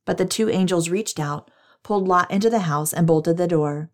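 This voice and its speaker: A woman narrating scripture in a steady, measured reading. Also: lowish voice.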